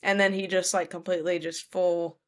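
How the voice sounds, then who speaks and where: A woman's voice: lowish voice, little pitch movement, normal speed. A young woman co-hosting a podcast, animatedly retelling a TV show's plot and acting out the characters' lines in casual chat. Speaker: podcast co-host. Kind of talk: casual chat recapping a TV show.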